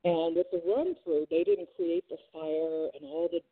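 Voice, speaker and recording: A husky woman spins a lively anecdote in an interview, jumping into the voices of the people she quotes. The sound is narrow and phone-like. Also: deep voice, normal speed. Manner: lively anecdote-telling with laughs and acted-out quotes. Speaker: guest, former TV reporter. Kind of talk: animated storytelling in an interview.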